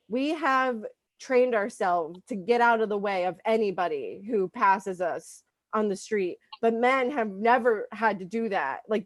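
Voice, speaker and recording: A woman's voice: mid-range voice, no room sound. A woman doing a stand-up comedy set, rambling with lots of ums and likes.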